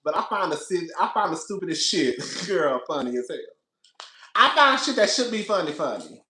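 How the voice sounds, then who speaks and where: A man hosting a casual reality TV recap, animated and laughing often, calling his listeners "girl". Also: high-pitched, normal speed, slight background noise. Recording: echoey room.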